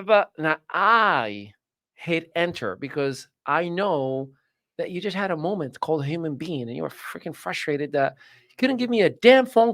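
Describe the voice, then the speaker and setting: A man hosting a casual personal growth chat, telling lively stories and acting out the people he quotes. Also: on the high side, no room sound, studio quality. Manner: animated storyteller, acts out quoted voices. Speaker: host, personal growth speaker.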